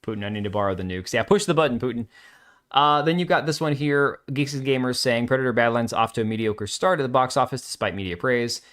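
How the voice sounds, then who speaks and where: A man hosts a loose, casual livestream, reading viewer comments aloud and firing back blunt, sarcastic asides. His medium-pitched voice is brisk and fairly bright, and his delivery sounds offhand and unscripted.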